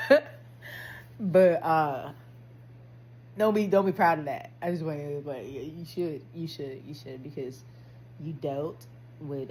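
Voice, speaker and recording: A woman's voice: sits low, darkish tone, slight background noise, low-quality recording. A woman talking candidly to camera, slangy and swearing, laughing at herself as she reflects. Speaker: vlogger. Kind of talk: casual spiritual monologue.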